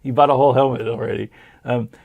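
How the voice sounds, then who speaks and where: A man's voice: mid-range voice, fairly even intonation, quick pace, vocal fry, phone-quality sound. A man hosting a casual livestream, answering viewer questions in an easygoing, hesitant way, tired and losing his voice. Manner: easygoing, hesitant with many ums.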